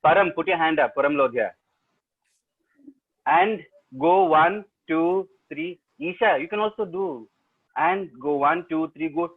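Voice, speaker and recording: A man's voice: on the high side, a little slow, breathy edge. A man with a South Indian accent, a professional storyteller, telling a story to an online audience in a playful, teasing way and talking straight to his listeners. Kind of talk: interactive storytelling webinar. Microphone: laptop mic over a video call. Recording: tinny video-call audio.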